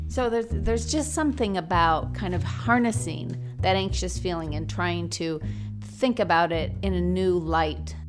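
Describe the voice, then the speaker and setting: Woman podcast host, lowish voice. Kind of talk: informative podcast talk.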